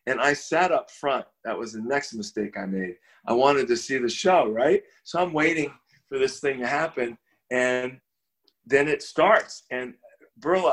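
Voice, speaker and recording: An older man telling a personal story as an interview guest, his voice sitting at an ordinary, middle pitch. He talks in a lively, animated way, stumbling over repeated words and restarts, with little chuckles along the way. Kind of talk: casual storytelling.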